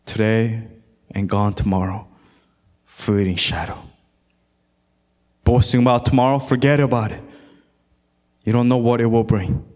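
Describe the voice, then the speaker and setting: A man's voice: fairly low pitch, steady tone, a little slow, pauses often, a little mellow. A man as pastor preaching a sermon, his voice building in intensity and slipping into song now and then. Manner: preaching with rising intensity, sometimes singing.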